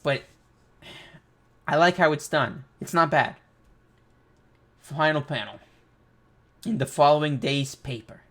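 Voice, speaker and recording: A man hosting a casual comic reaction, reading panels aloud and thinking out loud with excitement. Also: fairly high pitch. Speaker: manga reaction host.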